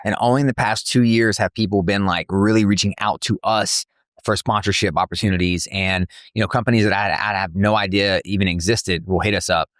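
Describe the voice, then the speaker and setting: Man, fast talker, lowish voice, slangy casual storytelling, dry close sound. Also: dry recording. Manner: fast, animated storytelling with slang and filler words. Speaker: MMA promotion CEO, guest. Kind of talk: casual podcast interview. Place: cafe.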